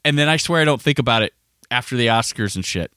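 Male podcast host, bright and lively, rambling, dry close sound. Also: fast talker, dry recording. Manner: rambling, restarts, lively pitch. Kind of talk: casual podcast chat.

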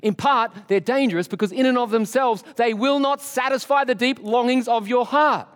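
A man's voice: extremely high pitch, moderate pace, clean tone. A man preaching a sermon to a congregation, casual and joking, talking straight to the people in front of him. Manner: animated, conversational, joking with the congregation. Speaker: pastor. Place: church. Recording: long hall reverb.

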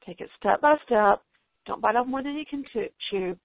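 A woman's voice: a little high, lively intonation, a little fast, gravelly, dry recording. Middle-aged woman encouraging mothers over a tinny line. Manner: warm, reassuring, quotes scripture. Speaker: guest speaker. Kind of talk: encouraging Christian talk. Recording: tinny phone-like line, dry.

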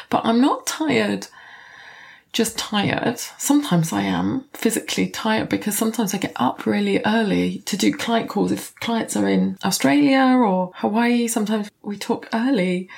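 Candid, gravelly-voiced woman coach. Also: mid-range voice. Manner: candid, warm, occasionally swears. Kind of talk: reflective podcast talk.

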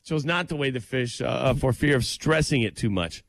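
A man co-hosting a casual chat, telling stories in an excitable, animated way. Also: mid-range voice, moderate pace, creaky, dry recording. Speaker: co-host.

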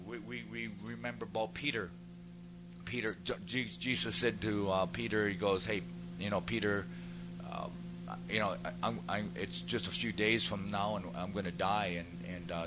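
A male preacher tells Bible stories and acts out their voices, his delivery climbing with fervor. A steady hum and noise sit under his voice in this rough recording. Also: lowish voice. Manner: animated storytelling, acting out voices. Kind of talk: sermon.

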